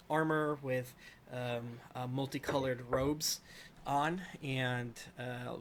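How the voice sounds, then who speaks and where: A man runs a tabletop game as dungeon master, narrating in a rambling way with plenty of ums and uhs. His voice is bright and forward. A faint hiss sits behind it. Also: medium pitch. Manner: rambling, full of fillers.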